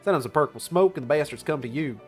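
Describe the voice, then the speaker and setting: A man's voice: fairly high pitch, lively intonation, fast, faint music behind, pitched above the performer's own voice, natural voice. A man voicing a common-born male soldier with a folksy put-on accent and loose grammar, chatty and easygoing.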